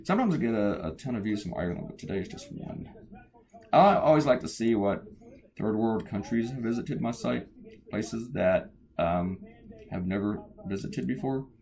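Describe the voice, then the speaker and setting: Tired, gravelly-voiced man rambling. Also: on the low side, lively intonation, moderate pace, a little mellow. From United States. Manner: rambling, wandering off topic. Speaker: cartoonist. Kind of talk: casual chat while drawing.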